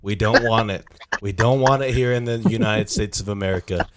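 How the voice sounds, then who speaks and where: A man's voice: fairly low pitch, fairly quick, very noisy, natural voice. A man doing an impression of a boastful male president who speaks in repetitive superlatives.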